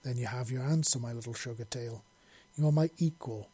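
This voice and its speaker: A man voicing a gentle, devoted young male hero who speaks softly. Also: mid-range voice, a little fast, husky, lightly acted. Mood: tender. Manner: soft, tender.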